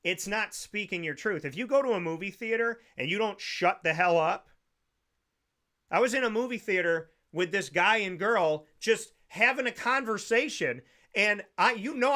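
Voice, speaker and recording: Guy ranting on a sports podcast, kinda high voice, bright punchy tone, repeats himself a lot. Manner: emphatic, preachy, repeats phrases. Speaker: sports talk show host. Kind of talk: opinionated podcast rant.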